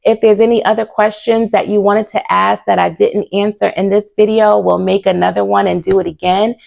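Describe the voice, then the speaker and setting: A woman's voice: medium pitch, little pitch movement, fairly quick, vocal fry, darkish tone. A young woman vlogger telling a personal story to camera in a casual, earnest way, full of fillers and, at times, close to tears. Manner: earnest and candid, with many fillers.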